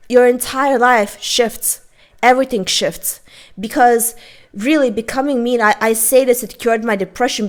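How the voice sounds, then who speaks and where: A woman vlogger delivering a casual, emphatic rant to the camera, often checking in with "okay?". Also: on the high side. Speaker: art vlogger.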